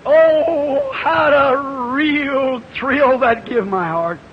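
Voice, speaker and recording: A man preaching a fervent revival sermon, telling a parable in a storytelling way that rises into shouts. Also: very high voice, extremely slow. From United States. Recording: lo-fi 1950s hall recording with hiss.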